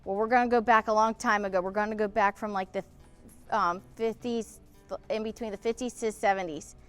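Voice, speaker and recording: A woman's voice: medium pitch, fairly even intonation, a little fast, a bit bright, clean tone, faint music behind. A middle-aged woman, hosting a casual vlog outdoors beside an old pool and talking indignantly to camera. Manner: indignant, emotional, ranting. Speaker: vlog host.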